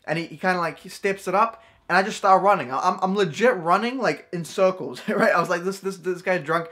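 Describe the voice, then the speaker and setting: A man's voice: high voice, brisk, bright, forceful tone. A young man vlogging a true story at home, rambling with lots of fillers and restarts. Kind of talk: storytime vlog.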